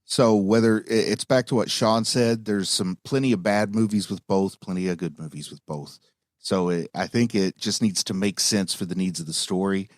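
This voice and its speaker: Man, lowish voice, podcast co-host, wry jokes, casual chat, dry close sound. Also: moderate pace, no echo. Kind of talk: casual movie discussion.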